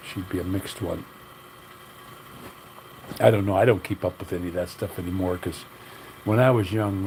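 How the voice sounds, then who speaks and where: A man's voice: low-pitched, darkish tone, slight background noise, poor audio. An older man hosting a livestream, talking bluntly in a rambling, opinionated way. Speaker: livestream host. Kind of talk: casual livestream rant.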